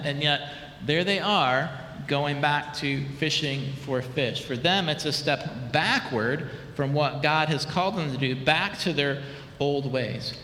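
Man preaching in a reverberant church. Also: slight background noise. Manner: animated preaching, dropping low and soft for dramatic quotes. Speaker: pastor. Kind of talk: sermon. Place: church sanctuary. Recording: echoey hall with long reverb.

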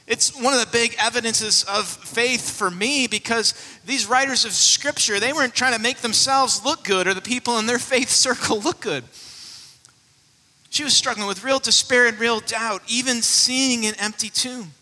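Man, pastor, sermon, storytelling, high voice, very bright, reverberant hall. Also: normal speed. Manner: storytelling, acts out the voices in the scripture.

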